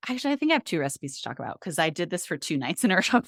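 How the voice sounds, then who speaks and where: A woman's voice: lowish voice, big pitch swings, very fast, creaky, fairly bright tone, no room sound, studio quality. A woman hosting a podcast, telling stories in an upbeat, conversational way. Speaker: podcast host. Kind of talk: casual chat.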